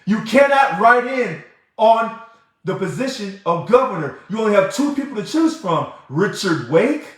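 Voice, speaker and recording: In a very echoey room, a man hosts a livestream and responds to viewer comments with heated emphasis. His voice is high and sing-song, at a moderate pace.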